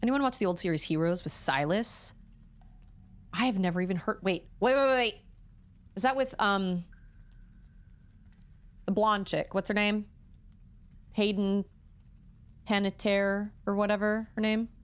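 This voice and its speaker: A woman's voice: medium pitch, unhurried, pauses often, smooth. A woman streamer chatting casually and thinking aloud while she plays a game. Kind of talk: casual gameplay chat.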